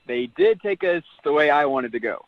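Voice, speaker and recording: A man's voice: on the high side, animated, moderate pace, dry recording, dull audio. A man on the phone to a radio show, defending himself with a joking manner. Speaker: caller.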